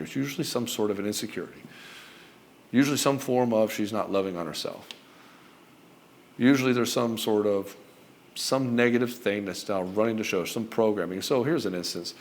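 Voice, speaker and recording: A man's voice: on the low side, expressive, fairly quick, a little mellow. A middle-aged man coaching husbands on their marriages, talking bluntly with swearing and acting out both sides of conversations. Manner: blunt and profane, acts out both sides of dialogues. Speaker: relationship coach. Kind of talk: direct-to-camera coaching monologue.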